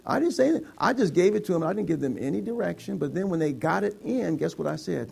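A man preaches with a high, gravelly voice that has some fry in it. He is playful and teasing, slipping into put-on voices of reluctant givers to make his point. His delivery swings between lively emphasis and quieter asides. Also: fast talker. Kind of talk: sermon with a live object lesson.

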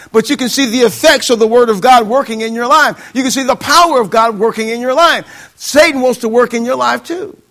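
A man's voice: very high-pitched, fairly bright tone. A male pastor preaching a sermon, quoting scripture and calling for amens from the congregation. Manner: call-and-response preaching, quoting scripture, mocking excuses in voices.

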